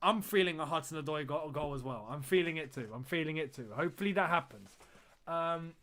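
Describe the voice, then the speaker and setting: A young man with a notably high voice hosts a live-stream watchalong. He chats easily with his viewers, thanks them and reads out their comments, often saying a phrase twice for emphasis. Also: fairly quick, fairly bright tone. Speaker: fan channel host.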